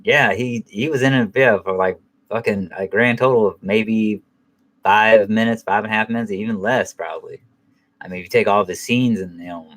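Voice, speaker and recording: A man's voice: on the low side, fairly bright tone. Middle-aged guy rambling about a movie, swearing a lot, stops and fixes what he said. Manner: rambling, profane, self-correcting. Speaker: film reviewer. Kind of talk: casual spoken film review.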